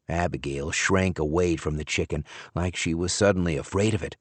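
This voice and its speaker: A man narrating a novel in the first person, wry and expressive. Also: low voice, moderate pace, hardly any pauses, no echo. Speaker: audiobook narrator.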